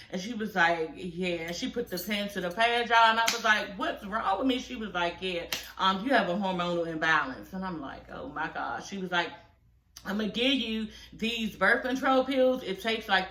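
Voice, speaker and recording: Speaking briskly in a pushed, bright mid-range voice, this reality show commentator in her forties candidly recounts a personal story with plenty of swearing and side remarks. The casual reaction commentary sounds reverberant.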